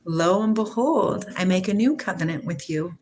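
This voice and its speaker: A woman in her forties from Washington state hosts a casual spiritual livestream, chatting with viewers and reading their comments in a soft, affectionate way, laughing often. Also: on the low side, lively intonation, moderate pace, slight background noise. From Washington state, USA. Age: 40s. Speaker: livestream host.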